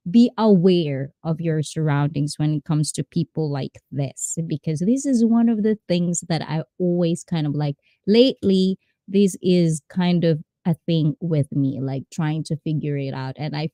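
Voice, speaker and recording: A woman's voice: lowish voice, dark tone, dry recording. A woman with a Filipino accent hosting a casual livestream, reading chat aloud and laughing often. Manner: switches between English and Tagalog, reads chat aloud, laughs often. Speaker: livestream host, personal trainer.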